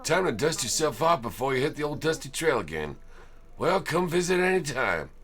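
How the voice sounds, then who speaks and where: A man's voice: on the low side, lively intonation, fairly quick, lightly acted. A man voicing a laid-back male game villager with a corny, put-on seventies drawl. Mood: easygoing. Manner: drawling, folksy.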